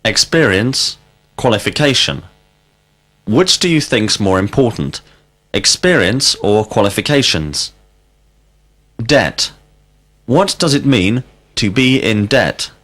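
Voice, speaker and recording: A man leads a scripted language drill in a slightly low voice. His pitch moves a lot as he calls out single words and asks questions slowly and deliberately. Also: sing-song, fairly bright tone. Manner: slow, deliberate questioning with clear word prompts. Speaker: teacher.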